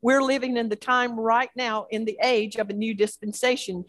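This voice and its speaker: A woman's voice: on the high side, no echo. A woman pastor preaching a sermon with a repetitive, building cadence.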